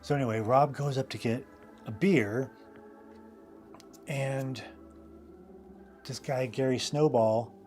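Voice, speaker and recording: A man's voice: mid-range voice, fairly even intonation, slow pace, long pauses, darkish tone, soft background music. A man hosting a live drawing stream, telling casual stories in a loose, rambling way full of fillers and asides. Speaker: host and illustrator.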